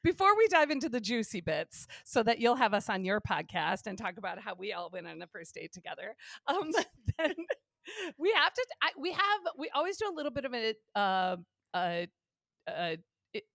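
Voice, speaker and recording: A woman's voice: on the high side, very animated, normal speed, creaky, fairly bright tone, no room sound, clean studio sound. A woman co-hosting a podcast, giggly and tripping over her words in casual chat. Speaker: podcast co-host. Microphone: remote call from home.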